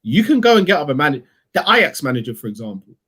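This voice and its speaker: A man's voice: a little high, racing, slightly rough. A man co-hosting a live football fan chat, talking casually and addressing viewers directly. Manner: relaxed, addresses viewers as "people". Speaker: fan channel co-host.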